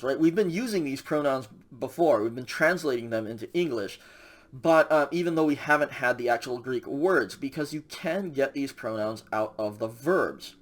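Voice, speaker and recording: A man teaching a recorded Greek grammar lecture in a casual way, with many fillers and frequent checks with the class. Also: medium pitch. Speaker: Greek instructor.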